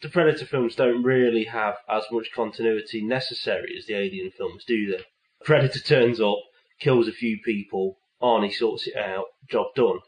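A man's voice: lowish voice, normal speed. Dry-witted man, roomy sound. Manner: dry, wry humour with long tangents. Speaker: podcast co-host. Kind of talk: casual film chat.

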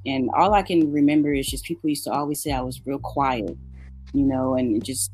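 A woman talking in a relaxed, reflective way in a casual chat, pausing with fillers as she thinks. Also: rumbling low, faint music behind, low-quality recording. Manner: thoughtful, halting with fillers.

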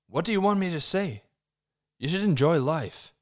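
A man voicing a busy, evasive young man on the phone in a put-on American accent, reading loudly and stiffly. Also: on the high side, lively intonation, moderate pace, pitched above the performer's own voice, lightly acted. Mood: brusque. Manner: loud, stilted script reading.

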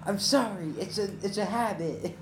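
A man's voice: sits high, normal speed. A man talking in a casual group discussion, hesitant and repeating words as he goes. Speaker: discussion participant. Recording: roomy with noticeable background hiss.

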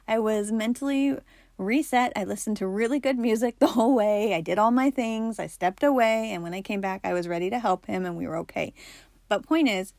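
A woman's voice: mid-range voice, dry recording, studio quality. A woman in her forties hosting a podcast, telling personal stories in a candid, chatty way and laughing often. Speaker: podcast host. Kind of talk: personal storytelling talk.

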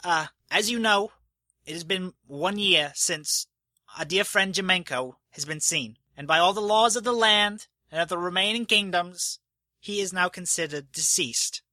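A fussy, anxious official stammers through his grand announcement, his voice pitched high and sharp, as a man acts him out. The sound is dry and close. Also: moderate pace, dry recording. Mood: nervous, announcing. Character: nervous fussy male estate official reading a will.

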